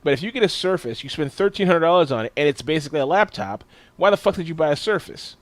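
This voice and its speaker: A man co-hosting a podcast in casual chat, telling animated stories, swearing often and laughing as he rants. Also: a little high, quick pace, no echo. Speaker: podcast co-host.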